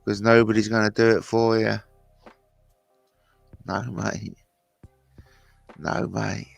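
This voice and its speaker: Man, casual livestream host, very low gravelly voice, blunt and sweary. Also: little pitch movement, takes it slowly, no room sound, faint music behind. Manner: chatty, blunt banter with swearing.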